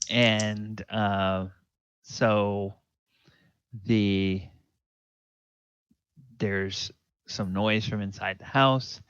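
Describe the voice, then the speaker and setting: Slow, low-voiced dungeon master. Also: male voice, fairly bright tone, smooth, no room sound. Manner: hesitant, many fillers. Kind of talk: narrating a tabletop game. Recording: dull lo-fi, dry sound.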